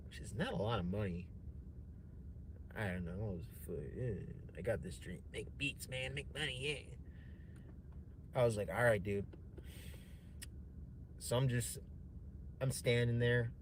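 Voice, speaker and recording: Brief: young adult man, casual stream storyteller, mid-pitched, swears a lot, rambles, faint ambience behind. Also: unhurried, long pauses, noisy background. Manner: profane, rambling, animated retelling with many fillers. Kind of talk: casual storytelling to a livestream chat.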